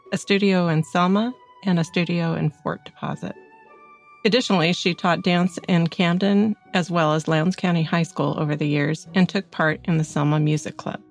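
A woman co-hosts a true-crime podcast, reading her script in a measured, steady manner. Her voice sits a little low and has a gravelly, creaky texture, with faint music underneath. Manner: measured reading, agreeable in chat. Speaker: podcast co-host.

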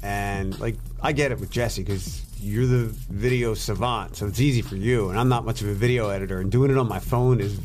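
A man who is a guest on a radio show, chatting casually about social media in a soft, hesitant way. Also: fairly low pitch, steady tone, brisk, hardly any pauses. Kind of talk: casual chat.

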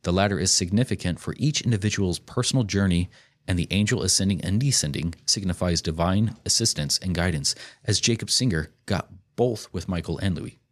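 A man's voice: low voice, a little fast. A man hosting a casual podcast, explaining a film in a thoughtful, rambling way with small asides. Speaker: podcast host reviewing a film.

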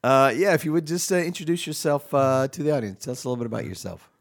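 A male comedy podcast host whose voice has a gravelly, creaky edge. He rambles through improvised banter, stalling often on fillers and restarts. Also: medium pitch, expressive. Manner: rambling, halting, full of fillers.

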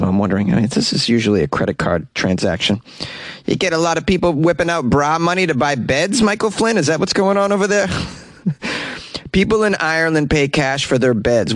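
An American comedy podcast host with a mid-range voice delivers joking, irreverent news commentary, slipping in chuckling asides. The recording is dry.

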